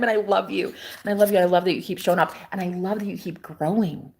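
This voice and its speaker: A young woman livestreaming from a backyard, talking in an excitable, gushing way that jumps between loud exclamations and hushed whispers. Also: mid-range voice, fast talker, creaky, few pauses. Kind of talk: casual livestream chat. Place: outdoors in a backyard.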